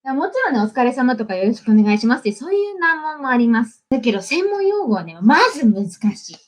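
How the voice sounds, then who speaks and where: Young American woman, bilingual livestream host, lively, highish voice, bubbly chat. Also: racing, rough recording. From United States. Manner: bubbly, switches between English and Japanese.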